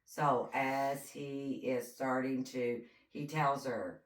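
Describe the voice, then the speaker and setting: Very deep-voiced woman retelling a case. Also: takes it slowly. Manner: animated storyteller, acts out quotes. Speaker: podcast co-host. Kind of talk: casual chat retelling a true crime case. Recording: roomy echo, distant mic.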